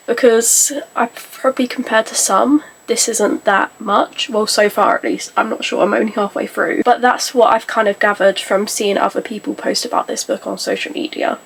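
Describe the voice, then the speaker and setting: A woman's voice: medium pitch, vocal fry, husky, rough recording. A woman chatting casually as a book vlogger, rambling and correcting herself as she talks about a book. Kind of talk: casual chat.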